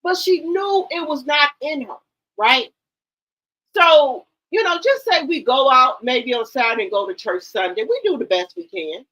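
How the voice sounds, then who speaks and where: Middle-aged woman, livestream host, high voice, blunt and emphatic casual chat. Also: fairly bright tone, poor audio. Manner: blunt, emphatic, repeats herself.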